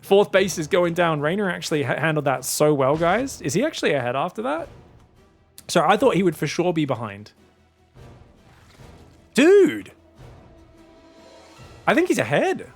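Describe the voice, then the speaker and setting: A man casting a strategy game match solo, excitable and chatty, often calling out to his viewers. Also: a little high, a little fast, vocal fry, soft background music. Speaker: esports caster.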